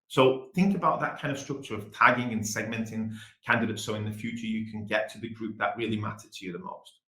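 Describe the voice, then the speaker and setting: Fast-talking English man presenting a webinar. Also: fairly low pitch, pushed and bright, reverberant, poor audio.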